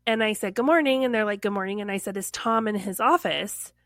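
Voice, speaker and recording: A woman's voice: medium pitch, fairly quick, no room sound, studio quality. A woman casually telling a personal story on a podcast, acting out what others said and filling her speech with "like.". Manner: animated, acts out quoted voices, lots of "like".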